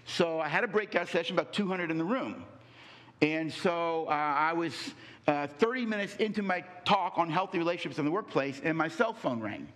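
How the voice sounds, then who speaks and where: A man giving a motivational talk on relationships, telling a story with rhetorical questions and deliberate pauses. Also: on the high side, animated, a bit bright. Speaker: speaker on relationships.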